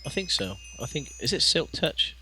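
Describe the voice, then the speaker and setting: A man co-playing a let's play, talking casually with frequent laughs and lots of halting fillers. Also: fairly high pitch, sing-song, sharp tone, slight background noise. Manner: chatty, laughs often, halting with many fillers. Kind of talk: casual gameplay chat.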